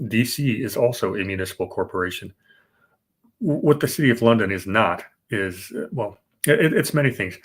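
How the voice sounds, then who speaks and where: A man's voice: on the low side, a bit bright. A man hosting a podcast, explaining financial history in a casual, rambling way with fillers and restarts. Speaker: podcast host. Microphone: remote podcast setup.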